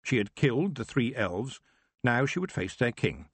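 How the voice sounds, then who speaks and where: Low husky guy reading a story aloud, lively delivery, dry close sound. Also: normal speed, no room sound. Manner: expressive storytelling. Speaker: audiobook narrator. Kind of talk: scripted narration.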